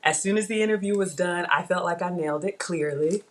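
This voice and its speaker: A woman's voice: on the low side, a little fast. Chatty woman hosting a live cooking stream. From Africa. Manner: chatty, addresses viewers as y'all. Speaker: cooking channel host. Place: home kitchen.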